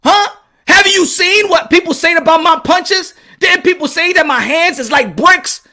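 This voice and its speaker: A man putting on a boastful, indignant aging boxing champion who shouts his challenges. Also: very high-pitched, very animated, unhurried, heavily acted. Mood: indignant boasting.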